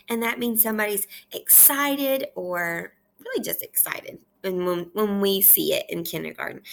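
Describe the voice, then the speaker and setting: A woman teaching kindergarten, reading aloud slowly and clearly in a repeat-after-me lesson from her kitchen at home. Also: mid-range voice. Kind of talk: slow read-aloud lesson for young children.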